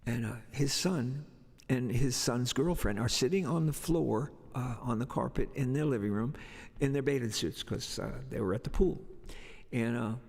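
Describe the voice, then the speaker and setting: A man, a singer-songwriter, telling a rambling, animated story on a livestream. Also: mid-range voice, normal speed, vocal fry, husky, long reverb tail.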